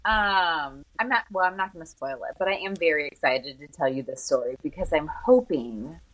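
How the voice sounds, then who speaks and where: A woman's voice: low-pitched, normal speed, a bit bright. A woman in her thirties co-hosting a podcast in casual, chatty talk full of fillers. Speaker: podcast co-host. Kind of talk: casual chat.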